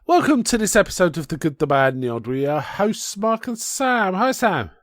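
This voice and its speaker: Very animated and high-pitched, this man co-hosts a podcast, chatting at normal speed and wandering through his explanations with the occasional laugh. The studio sound is clean, with no room echo at all.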